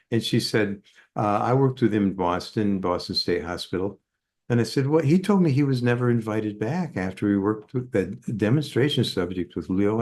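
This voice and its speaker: Older guy, lowish voice, rambles through a story in an interview, lots of uhs and restarts. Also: darkish tone. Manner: rambling, with many fillers and restarts. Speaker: interview guest, psychotherapist.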